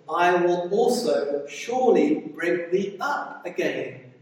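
A man preaching a Bible study sermon emphatically, with repeated words and swings between loud declarations and quiet asides. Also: on the high side. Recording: echoey hall, voice from a distance.

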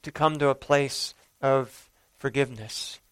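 A male preacher delivering a sermon, telling the story earnestly and swelling for emphasis before falling quiet. His voice is smooth and clear, and the sound is dry and close. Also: mid-range voice, a little slow, dry recording. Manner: earnest storytelling, with rising emphasis and soft drops.

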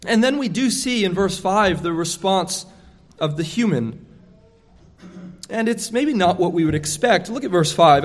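Earnest preacher, slightly high voice, echoing hall. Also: male voice, animated, unhurried. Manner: earnest, emphatic preaching with frequent restarts. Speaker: pastor. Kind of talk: sermon.

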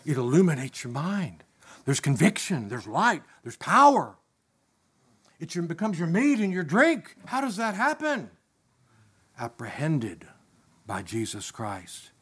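A man preaching a sermon, impassioned, swinging from emphatic peaks down to low, quiet asides. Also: very animated, a little slow, husky.

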